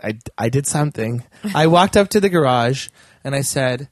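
A man's voice: medium pitch, animated, moderate pace, no echo, studio quality. A man telling a story in casual chat, laughing and acting out the people he quotes.

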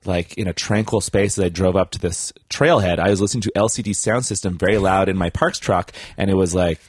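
Young guy rambling thru a story, kinda low voice, lots of likes and restarts. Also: fairly quick, husky, no room sound, clean studio sound. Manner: rambling, many fillers and restarts, acts out quoted people. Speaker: guest telling a story. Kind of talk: casual anecdote telling.

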